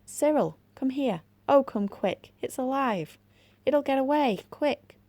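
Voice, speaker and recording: An excitable, soft-hearted young girl in a storybook, urgent and pleading, as a woman reading aloud puts her on. Her voice jumps well above the reader's own. A slight gravelly edge stays in it. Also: on the high side, unhurried, no echo, voice pushed up.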